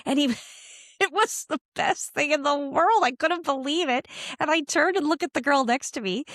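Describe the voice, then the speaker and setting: Excitable gushing woman in her fifties. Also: medium pitch, creaky, no room sound, clean studio sound. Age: 50s. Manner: excitable, gushing, laughs often. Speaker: podcast host. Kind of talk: casual personal storytelling.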